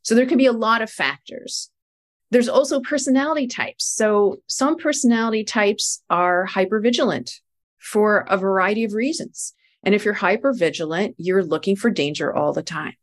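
A middle-aged woman, a spiritual life coach, explaining ideas calmly in a casual podcast conversation. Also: mid-range voice, moderate pace.

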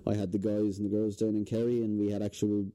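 Low, dark-voiced Irish man telling stories. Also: fast talker. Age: young adult. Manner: relaxed storytelling with fillers. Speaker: podcast guest. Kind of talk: casual chat. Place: indoors, hotel podcast setting.

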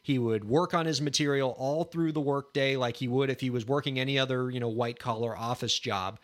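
A man co-hosting a podcast in casual, relaxed chat, talking things through at an even pace. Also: mid-range voice, fairly quick. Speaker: podcast co-host.

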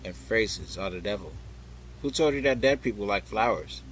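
A man's voice: on the low side, animated, moderate pace, a bit bright, slight background noise, rough recording. Man doing a dry, mocking wanderer. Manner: dry, sardonic.

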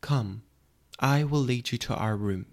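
A man voicing an elegant, mysterious man with a rich, elegant foreign accent, speaking with measured, formal courtesy. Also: mid-range voice, lightly acted. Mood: courteous.

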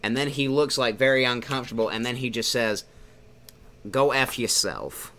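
A man hosting a casual podcast, reviewing a film in animated talk full of fillers. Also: medium pitch, fast, a little hiss or hum. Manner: animated, talks through with fillers. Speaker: podcast host. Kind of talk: casual movie review chat.

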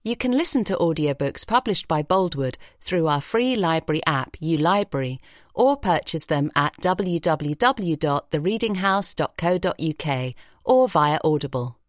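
A woman reading an audiobook story in a measured, expressive way in a recording studio. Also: sits low, dry recording. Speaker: audiobook narrator. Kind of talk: scripted narration. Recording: dry studio sound.

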